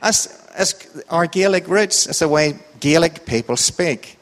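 A man's voice: on the high side, expressive, measured pace, a bit bright. Sing-song Irish man in a reverberant hall. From Ireland. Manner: sing-song, up-and-down intonation, chatty and joking. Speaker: church group leader. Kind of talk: informal Bible talk with a quiz.

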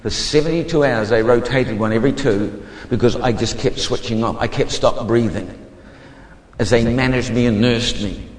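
A man giving a fervent testimony sermon as a preacher, moving between hushed and emphatic speech. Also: medium pitch, normal speed, echoey room, big-room sound.

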